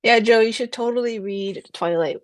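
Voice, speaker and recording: A woman's voice: a little high, normal speed, dry recording. Giggly woman co-hosting a podcast. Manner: giggly, laughs often, teasing. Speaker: podcast co-host. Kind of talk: casual chat.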